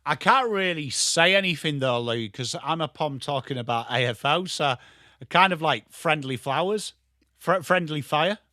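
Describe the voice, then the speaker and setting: A man with a strong Yorkshire accent giving live football watchalong commentary, excitable and sweary, chatting to viewers by name. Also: a little high, normal speed, dry recording, studio quality. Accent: Yorkshire English. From Yorkshire, England. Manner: excitable, sweary banter addressed to chat viewers. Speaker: watchalong streamer.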